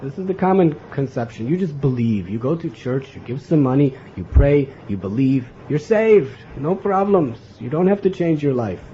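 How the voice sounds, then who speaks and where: A man's voice: medium pitch, expressive, moderate pace, few pauses, mellow, a little hiss or hum. A man giving a devotional lecture, earnest and often turning to the audience with a questioning "huh?". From America. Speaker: spiritual teacher giving a lecture. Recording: dull lo-fi lecture recording with faint ambience.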